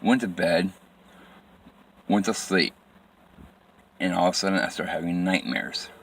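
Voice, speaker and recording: A man telling a personal story from his life in plain, halting phrases with frequent restarts and repetition. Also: low voice, steady tone, gravelly, fairly bright tone, slight background noise.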